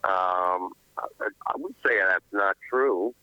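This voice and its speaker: A man speaking as a guest musician on a radio show, relaxed and hesitant with many fillers. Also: deep voice, takes it slowly, smooth, dry recording, low-quality recording. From New York. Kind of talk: casual radio interview.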